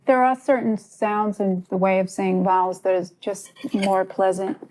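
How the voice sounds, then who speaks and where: A woman, a podcast guest, talking in a quick, matter-of-fact way. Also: medium pitch, little pitch movement, darkish tone, slight background noise, rough recording.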